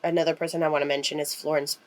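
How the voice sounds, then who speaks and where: A woman co-hosting a horror podcast in casual chat, excitable, swearing freely and using lots of fillers. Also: low-pitched, rapid-fire, low-quality recording. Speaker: podcast co-host.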